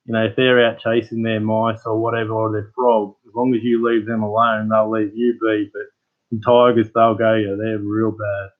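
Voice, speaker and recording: A man's voice: on the low side, little pitch movement, normal speed, narrow, tinny audio. An Australian man hosting his channel, chatting casually with live viewers as a rambling, laid-back storyteller. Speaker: channel host.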